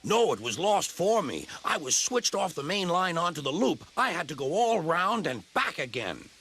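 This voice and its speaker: A man's voice: fairly high pitch, sing-song, moderate pace, fairly bright tone, husky, voice pushed up, heavily acted. A man voicing a boastful, pompous big male express engine in storybook narration, haughty and self-important. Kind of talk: storybook narration with character voices. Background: music.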